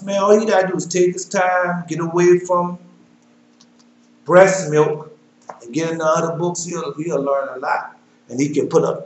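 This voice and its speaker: A man with a Southern American accent giving an informal Bible teaching. He reads scripture aloud in a louder, slower voice and drops to quiet, mumbled asides in between. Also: a little high, a little hiss or hum. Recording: roomy echo.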